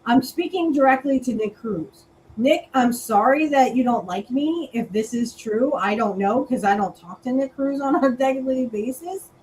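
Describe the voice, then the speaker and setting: A woman's voice: sits high, normal speed, a little mellow, slight background noise, rough recording. A woman co-hosting a casual political chat show, talking bluntly and crudely. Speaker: co-host.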